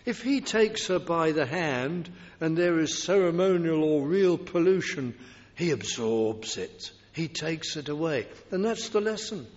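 A man preaching a sermon in a deliberate, emphatic way, now and then acting out the voices of people in the story. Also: on the high side, expressive. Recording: dull recording in a large reverberant hall.

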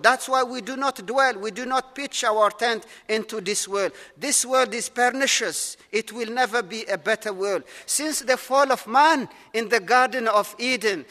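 A man's voice: very high-pitched, bright, forceful tone. A man preaching a sermon with earnest, repetitive, emphatic phrasing. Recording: long hall reverb.

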